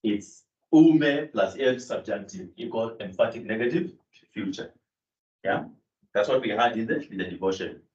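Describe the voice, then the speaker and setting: Male lecturer, low voice, explanatory classroom delivery; distant, muffled mic. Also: lively intonation, moderate pace, darkish tone. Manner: explanatory, with fillers and self-corrections. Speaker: Greek lecturer. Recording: echoey room, distant mic, dull sound.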